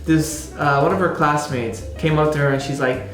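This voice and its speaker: A man's voice: a little high, steady tone, moderate pace, a bit bright. Rambling man reviewing a show. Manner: rambling, with many "like" and "you know" fillers. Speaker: theater reviewer. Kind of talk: casual spoken review. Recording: roomy echo, faint music behind.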